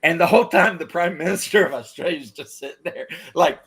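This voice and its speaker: A man co-hosting a casual podcast chat with a slightly raised pitch. He tells stories in an animated way, slipping into quoted voices and laughing along the way. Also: fast, creaky, breathy edge. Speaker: podcast co-host.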